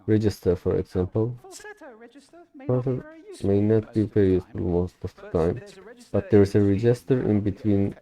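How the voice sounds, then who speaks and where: A young man whose first language is Turkish, shadowing a recorded speech aloud in English, with careful, deliberate delivery and occasional slips. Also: on the low side, dark tone, poor audio. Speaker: language learner.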